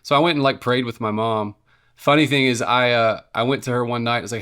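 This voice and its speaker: A man's voice: mid-range voice, fairly even intonation, fast, clean tone. Earnest man telling his faith story. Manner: earnest, warm, filled with "you know" and restarts. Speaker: worship leader and guest. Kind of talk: casual storytelling interview.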